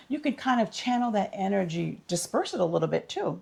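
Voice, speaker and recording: A woman's voice: mid-range voice, expressive, fairly quick, vocal fry, mellow, breathy edge. A woman vlogger giving casual tips in an upbeat, chatty, instructive way.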